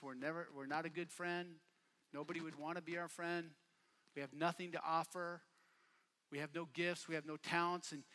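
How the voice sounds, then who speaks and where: Man preaching, bright ringing voice, fairly high pitch, repeats lines for emphasis, swings from soft to loud. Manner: builds from quiet talk to shouting bursts; casual, repeats phrases for emphasis. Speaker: youth pastor. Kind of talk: sermon. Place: camp meeting hall.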